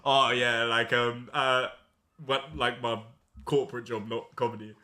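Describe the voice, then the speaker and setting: A young man hosts a loose, casual podcast chat in a bright, forceful voice. He tells his stories haltingly, with frequent laughter and plenty of restarts. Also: medium pitch, flat delivery. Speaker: podcast host.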